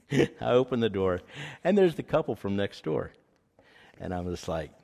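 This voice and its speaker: A man's voice: fairly low pitch, sing-song, a little slow, vocal fry, pauses often, warm tone. A man giving an earnest, rambling personal testimony as a sermon. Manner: rambling, earnest storytelling with frequent fillers. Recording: echoey hall reverb.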